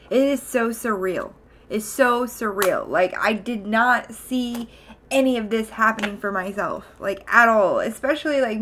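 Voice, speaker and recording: A woman's voice: medium pitch, fairly bright tone. A young woman streaming, chatting casually to her viewers in a rambling way with lots of fillers and restarts. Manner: chatty, rambling, with frequent fillers and self-corrections.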